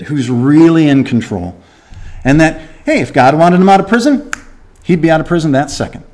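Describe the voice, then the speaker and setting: A man preaching a chapter-by-chapter Bible study in a lively, chatty way. His slightly high voice swings up and down as he throws rhetorical questions at the listeners and acts out the story. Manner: animated, conversational, rhetorical questions, acts out quotes. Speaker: Bible teacher at a church. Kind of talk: verse-by-verse Bible teaching.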